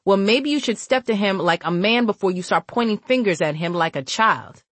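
A woman's voice: medium pitch, lively intonation, moderate pace, fairly bright tone, no echo. A woman reading the part of a blunt older brother who lectures in street slang. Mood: firm. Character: calm older brother, loyal to family.

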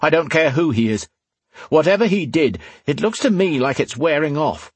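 Guy reading as a grumbly wry rogue in an audiobook, husky and a bit raised up, dry close sound. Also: medium pitch, a little slow, no room sound, pitched above the performer's own voice. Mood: tense. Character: gruff scrappy rogue man, grumbling. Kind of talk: audiobook character voice.

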